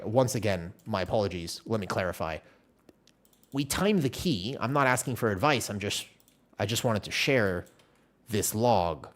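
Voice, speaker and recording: A man live streaming a game, telling a long story in a casual, animated way with many restarts. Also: fairly low pitch, moderate pace. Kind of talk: casual chat while playing a game.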